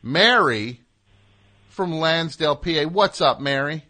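Chatty male radio host with lively pitch. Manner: talkative, jokey, riffs and does quick voices. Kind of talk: casual call-in chat.

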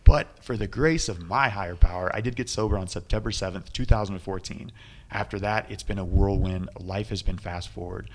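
A man's voice: low voice, fairly quick. A man hosting a podcast interview, chatty and joking, trading his own stories with his guest. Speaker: podcast host.

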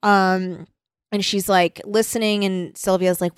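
A woman's voice: medium pitch, a little slow, clear, resonant tone, no room sound, clean studio sound. Giggly young woman recapping a story. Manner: animated, giggly, acts out quotes. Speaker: podcast co-host. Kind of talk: casual chat recapping a book.

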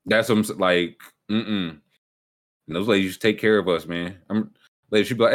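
A man co-hosting a casual chat, telling animated, slangy stories and acting out what other people said. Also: sits low, brisk. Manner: animated storyteller, slangy, acts out quotes in voices.

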